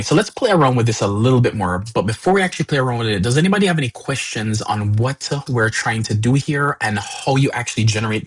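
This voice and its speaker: Husky male instructor, casual and repetitive, running a live tech workshop. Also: on the low side, rough recording. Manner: conversational, repeats words, many fillers.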